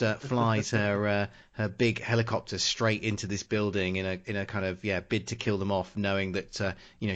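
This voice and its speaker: A man hosting a casual film-review podcast, reading his setup smoothly but halting with many fillers and restarts when speaking off the cuff. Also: lowish voice. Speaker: podcast host.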